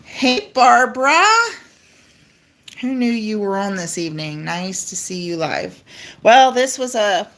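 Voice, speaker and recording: A woman's voice: mid-range voice, slow pace. A woman hosting a casual livestream, reading out and answering viewer comments and laughing often. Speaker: livestream host. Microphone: laptop.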